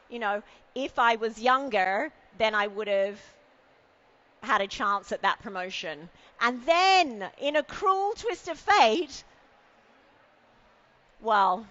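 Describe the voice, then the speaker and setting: Dull audio captures a woman giving a conference keynote from a podium, her mid-range voice a bit bright. She's playful and self-deprecating onstage, teasing the audience as she speaks.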